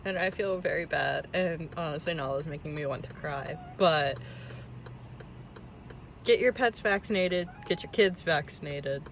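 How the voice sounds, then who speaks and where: A young woman book vlogger chats casually about her reading week, self-deprecating and swearing now and then. She has a deep voice at normal speed, with slight background noise.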